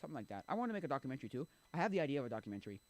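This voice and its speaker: A man's voice: mid-range voice, big pitch swings, rapid-fire, a little mellow. Rambling young-sounding man chatting on stream. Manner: rambling, filler-heavy, thinking aloud. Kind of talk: casual chat.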